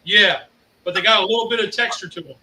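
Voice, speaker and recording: A man's voice: high-pitched, fast talker, sharp tone. A man hosting a casual cooking show, chatting easily while he eats. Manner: easygoing, chatty, laughs often. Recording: echoey room, mic at a distance, faint noise.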